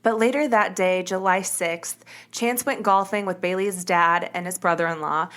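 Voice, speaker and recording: A woman's voice: lowish voice, steady tone, normal speed, fairly bright tone. A woman hosting a podcast, telling a true crime story in a casual, chatty way. She often corrects herself mid-sentence. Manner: chatty, self-correcting, uses "like" and "kinda". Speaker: podcast host.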